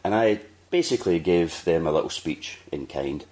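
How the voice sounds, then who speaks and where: Telling a long story on his podcast, a man from Scotland chats casually and voices the people he quotes. He speaks at normal speed in a low, slightly mellow voice with lively intonation.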